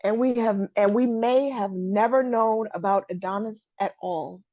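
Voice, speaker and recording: A woman's voice: mid-range voice, normal speed, warm tone, dry recording, dull audio. A woman co-hosting a podcast in casual chat, telling the story with sarcasm and blunt cursing. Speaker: podcast co-host.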